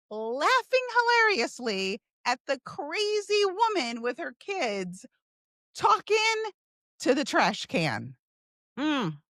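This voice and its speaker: A middle-aged woman coaching on sales tells a story in a lively, animated way. Her voice sits fairly high, and she takes her time. The sound is dry and close. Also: no echo. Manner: animated, acts out her own past lines in a higher voice. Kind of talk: storytelling talk.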